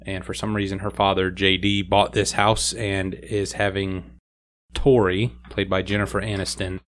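A man hosting a casual movie podcast, recapping a film plot in an animated storytelling way. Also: low-pitched, normal speed.

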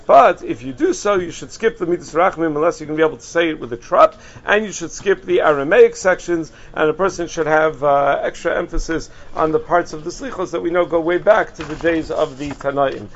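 A man with a fairly high voice explains points of Jewish law in a loose, conversational lesson. He pauses on fillers and repeats words as he thinks aloud. The recording sounds muffled and lo-fi. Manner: conversational, many fillers and restarts. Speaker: rabbi teaching halacha. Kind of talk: informal Torah lesson.

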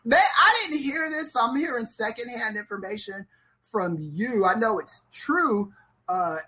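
A woman's voice: a little high, expressive, measured pace, bright, forceful tone, slightly rough, rough recording. A woman co-hosting a casual podcast chat, ranting in disbelief, laughing often and swearing freely. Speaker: podcast co-host.

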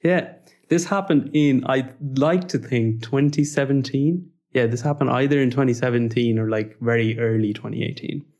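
A young man telling personal stories in a relaxed podcast chat. His voice sits at a middle pitch, and he talks in an animated, humorous way, sprinkling in "like" often. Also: normal speed, hardly any pauses. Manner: animated, humorous, frequent "like" fillers. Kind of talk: casual storytelling conversation.

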